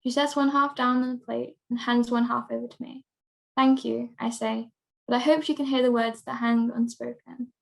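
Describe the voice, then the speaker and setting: A teenage girl reading her own prose piece aloud in a steady, measured way. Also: fairly high pitch, vocal fry. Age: teens. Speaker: young writer.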